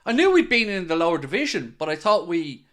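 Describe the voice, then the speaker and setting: A man's voice: sits high, very animated, brisk, a bit bright. A man hosting a casual live stream, chatting and answering viewer comments. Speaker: podcast host reading live chat.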